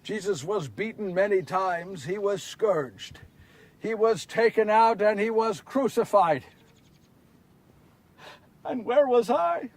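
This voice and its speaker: An actor playing the remorseful apostle Peter in a confessional first-person monologue, moving between hushed and impassioned. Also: male voice, high-pitched, animated, slow pace, long pauses, recorded from a distance, full character voice. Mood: quiet, confessional, then anguished. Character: Simon Peter, remorseful grown man apostle. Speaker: actor in a one-man biblical portrayal.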